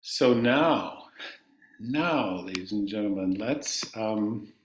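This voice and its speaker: A man teaching a chanting class, calmly explaining ideas and singing long vowels for his students to repeat. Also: fairly low pitch, slow pace, roomy sound, a little hiss or hum.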